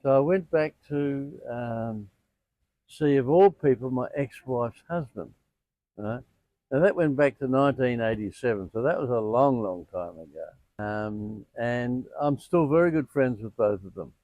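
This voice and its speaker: An older man who owns a sound healing center, telling animated stories in an interview. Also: mid-range voice, measured pace, no room sound, highs cut off. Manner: animated anecdotes with quoted dialogue. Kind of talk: storytelling in an interview.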